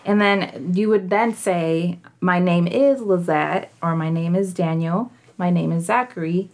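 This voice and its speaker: A woman's voice: lowish voice, measured pace. Patient, encouraging mom teaching her kids. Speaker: mother and podcast co-host. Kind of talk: casual family chat and teaching.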